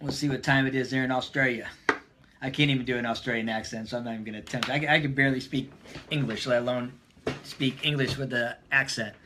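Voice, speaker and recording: A man's voice: mid-range voice, background noise. A man hosting a casual live stream, upbeat and greeting viewers by name as they join.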